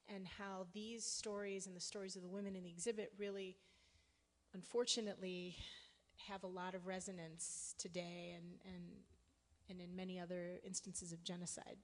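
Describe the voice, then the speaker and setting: A woman's voice: lowish voice, flat delivery, normal speed. Woman moderating a panel, chatty restarts. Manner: conversational, many restarts and fillers. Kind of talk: panel discussion. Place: lecture hall.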